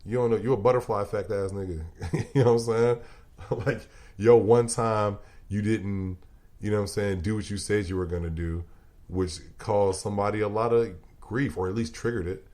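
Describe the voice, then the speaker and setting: Low-voiced dude on a podcast, loose and emphatic, swears a lot, laughs a bunch. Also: male voice, steady tone, normal speed, darkish tone. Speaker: podcast guest. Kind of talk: casual chat.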